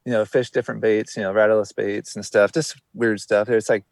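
A man with a fairly low voice talks casually in a relaxed, rambling way, often trailing off and circling back. The sound is dry and close, with no room around it. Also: brisk, no room sound. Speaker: guest angler. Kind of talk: casual podcast chat.

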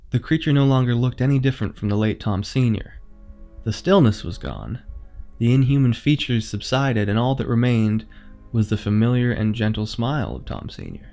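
A man reading a horror story aloud in a measured, suspenseful way. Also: medium pitch, darkish tone. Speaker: narrator. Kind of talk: scripted horror narration.

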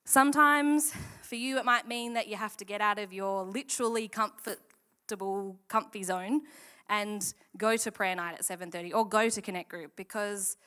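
A woman's voice: mid-range voice, moderate pace, clear, resonant tone. A woman giving a casual, candid sermon talk at church, acting out quoted lines in a chatty way. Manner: chatty, candid, animated quoting. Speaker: church speaker.

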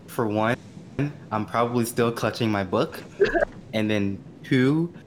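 A man playing a tabletop game, animated and laughing often. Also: fairly low pitch, measured pace, noisy background. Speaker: player. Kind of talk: casual tabletop play.

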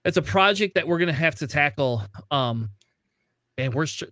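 A man with a slightly high voice chatting about a tabletop game, excitable and laughing often. He swears casually. The sound is dry and close to the mic. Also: normal speed, no room sound. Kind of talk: casual gaming chat.

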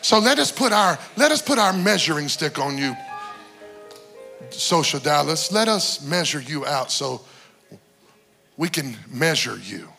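Shouting gravelly preacher man. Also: a little high, very animated, unhurried, pauses often, soft background music. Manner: shouting, exhorting preaching with big swings in loudness. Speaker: guest preacher, bishop. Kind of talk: sermon. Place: church sanctuary.

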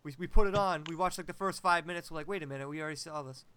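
A man's voice: on the high side, racing, sharp tone, smooth, dry recording. A young adult man co-hosting a podcast in casual chat, emphatic and opinionated. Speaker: podcast co-host.

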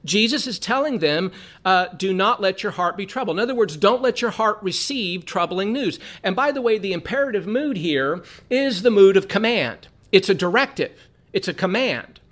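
High-voiced man teaching Bible. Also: expressive, moderate pace, fairly bright tone. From Southern California. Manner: earnest, repeats phrases for emphasis. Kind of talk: Bible study lesson.

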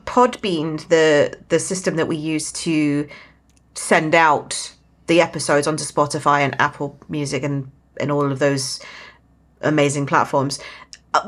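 A young woman with a British accent, co-hosting a podcast in fast, joking casual chat. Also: deep voice, a bit bright. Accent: British English. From England. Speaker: podcast co-host.

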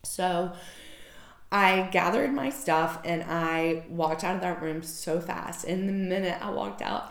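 Woman, candid and emotional storytelling, gravelly voice, casual swearing. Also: fairly low pitch, unhurried. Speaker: personal storyteller. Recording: echoey room.

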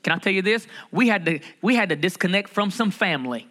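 A middle-aged pastor delivers a sermon. His voice sits high and sounds bright and forceful. He drives points home by repeating phrases and putting questions to the congregation. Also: animated, quick pace. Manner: emphatic preaching, repeats key phrases, asks the congregation questions.

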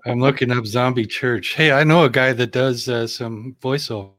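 A man's voice: medium pitch, steady tone, moderate pace, a bit bright, no room sound. Reflective male co-host, dry sound. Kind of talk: casual interview chat.

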